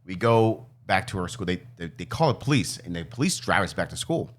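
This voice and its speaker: A man co-hosting a podcast, telling a story in a casual, animated way, laughing and swearing as he acts out family members. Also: deep voice, fairly quick. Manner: swears freely. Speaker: podcast co-host.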